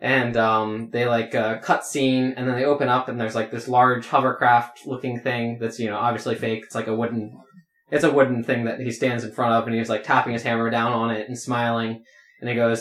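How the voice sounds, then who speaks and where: Man, game master, rambling narration, mid pitch, echoey room. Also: little pitch movement, moderate pace, a bit bright. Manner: rambling, many fillers. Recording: roomy echo.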